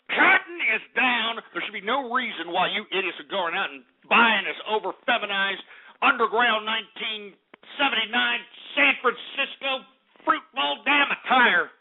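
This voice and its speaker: Profane ranting man on tinny radio. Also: sits high. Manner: angry, profane, shouting outbursts. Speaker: radio host. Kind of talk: ranting talk radio with market report. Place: radio studio. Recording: tinny phone-like radio recording.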